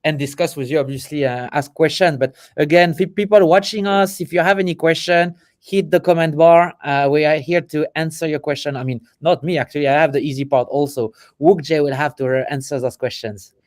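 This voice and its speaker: A man's voice: on the high side, steady tone, fairly quick, hardly any pauses, a little mellow. A man with a French accent co-hosting a casual livestream chat, talking freely with frequent restarts and self-corrections. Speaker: co-host.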